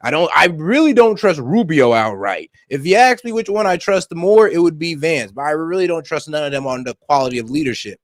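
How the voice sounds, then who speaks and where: A man doing casual reaction commentary on political news, animated and joking, laughing at his own asides. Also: a little high, a little fast, hardly any pauses, dry recording.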